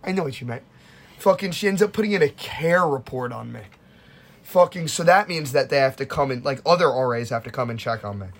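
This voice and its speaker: A young man hosting a casual podcast, telling stories with lively acted-out quotes and plenty of swearing. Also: medium pitch, fairly quick. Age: young adult. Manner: animated storytelling, acts out quotes, swears freely. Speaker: podcast host. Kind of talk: casual chat.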